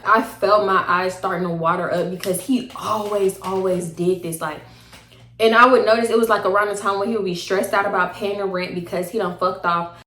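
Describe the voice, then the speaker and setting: Animated young woman telling a story. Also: mid-range voice, fairly quick. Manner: animated, slangy, acts out both sides of arguments. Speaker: storytime vlogger. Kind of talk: casual storytelling to camera. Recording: echoey room.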